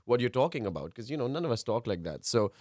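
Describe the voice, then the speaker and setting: Fast-talking man telling stories. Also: mid-range voice, no echo, clean studio sound. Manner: animated storyteller, laughing often. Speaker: guest actor and author. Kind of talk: casual interview chat. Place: radio studio. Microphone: studio microphone.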